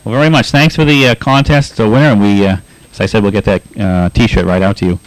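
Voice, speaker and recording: A man's voice: on the low side, fairly even intonation, no room sound, rough recording. A man with a Boston accent hosting a pirate radio show, casually reading listener letters with lots of laughs and uhs. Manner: laughs often, halting with many uhs.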